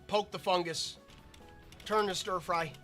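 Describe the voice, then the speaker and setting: While playing a video game, a man talks casually and at length, rambling and interrupting himself. His voice is high-pitched and sharp yet steady, he speaks without hurrying, and faint music plays behind him.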